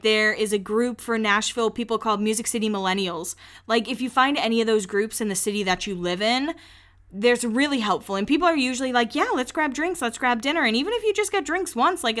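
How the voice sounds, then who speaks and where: Young adult woman, podcast host, bright forceful tone, casual chatty delivery full of fillers. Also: fairly high pitch. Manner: chatty, candid, laughs often, lots of "like" fillers. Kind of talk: casual celebrity-news chat.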